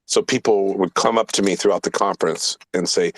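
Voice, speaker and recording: A man's voice: deep voice, fairly even intonation, a little fast, no room sound. A man hosting a casual talk show, telling a rambling story full of swearing and emphatic asides. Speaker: podcast host.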